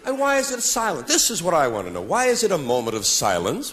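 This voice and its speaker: A man's voice: fairly high pitch, wildly swooping pitch, fast talker, a bit bright, a faint crowd. A man in his forties performing a stand-up comedy routine on a live stage, sardonic with mock-solemn asides. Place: live stage before an audience. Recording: noisy live recording.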